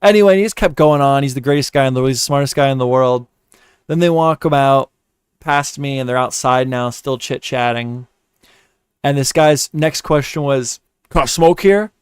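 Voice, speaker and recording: Blunt, rambling man with a smooth voice. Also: medium pitch, moderate pace, dry recording, clean studio sound. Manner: rambling, profane storytelling; blunt, offhand advice. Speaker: livestream host. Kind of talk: casual livestream chat.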